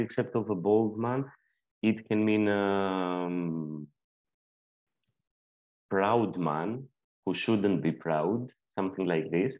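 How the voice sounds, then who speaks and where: A man's voice: lowish voice, a little mellow, highs cut off. A man from southern Albania explaining proverb meanings in a casual group discussion, hesitant with many fillers. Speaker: panelist.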